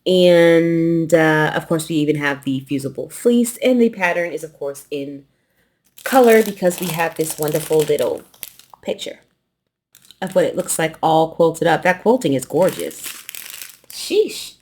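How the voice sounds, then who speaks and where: A woman with a light Southern US accent, hosting a quilting channel and chatting casually through an unboxing, relaxed and rambling, sometimes swallowing her consonants. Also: sits low, normal speed, slight background noise. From New York.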